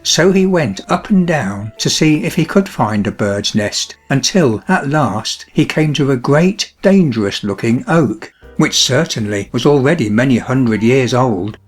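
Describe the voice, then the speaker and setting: A man narrating a fairy-tale audiobook in an expressive storytelling style. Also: medium pitch, husky.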